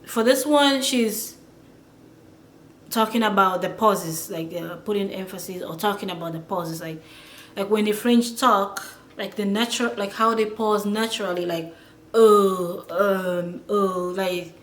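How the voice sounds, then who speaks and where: A woman explains pronunciation at an unhurried, drawn-out pace, stopping and restarting as she searches for words. Her voice sits at a middle pitch. The room around her rings with noticeable echo. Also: a little hiss or hum. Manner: slow, halting, many fillers and restarts. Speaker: language teacher.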